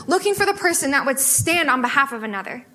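A young American woman giving a testimony sermon at a student fellowship, telling stories in an animated way with lots of filler words. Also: sits high, fast. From United States. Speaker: guest speaker at a student fellowship.

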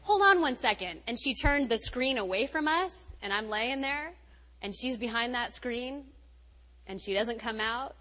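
A woman preaching as a guest speaker, her voice sitting a little higher than most. She tells personal stories with easy laughter, building to loud, emphatic lines and then dropping to soft, quiet ones. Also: measured pace, in a large hall, rough recording. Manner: animated, laughing storytelling. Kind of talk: sermon.

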